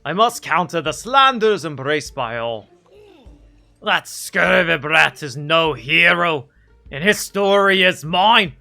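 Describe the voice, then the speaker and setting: A man's voice: fairly high pitch, lively intonation, takes it slowly, vocal fry, pushed and bright, faint music behind, heavily acted. A man voicing a vain, pompous male pirate captain with a put-on Scottish accent and grandiose, theatrical speech. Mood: boastful. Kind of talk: voicing game dialogue on a stream.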